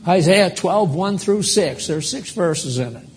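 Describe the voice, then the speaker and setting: Slow, high-voiced older male preacher. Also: lively intonation, slight background noise. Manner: emphatic, rambling, quizzes the congregation. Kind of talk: live sermon.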